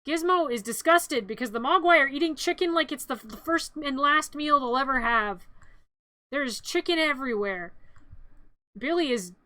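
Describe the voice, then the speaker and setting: A woman's voice: high-pitched, lively intonation, normal speed, bright, forceful tone, no echo. A woman streamer narrating a movie in a playful, rambling, chatty way with little quips.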